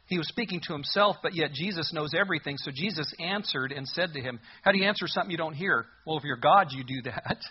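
A man preaching a sermon as a pastor, expressive and full of rhetorical questions, on a muffled lo-fi recording. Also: fairly high pitch, fast, few pauses, husky.

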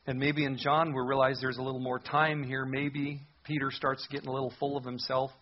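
A man's voice: medium pitch, flat delivery, fast talker, hardly any pauses, lo-fi sound. A man preaching a sermon as a pastor, earnest and conversational in his delivery.

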